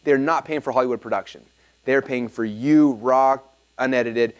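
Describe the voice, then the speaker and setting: In a filmed talk, a man leads a live workshop seminar with a mid-range, smooth voice at a moderate pace. He's an energetic, animated storyteller who often checks in with his audience.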